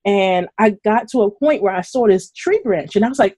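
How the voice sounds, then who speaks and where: Husky-voiced woman telling animated stories. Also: mid-range voice, a little fast. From Brooklyn, New York. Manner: animated, laughing, acts out quotes. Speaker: guest runner. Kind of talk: casual storytelling on a live video chat.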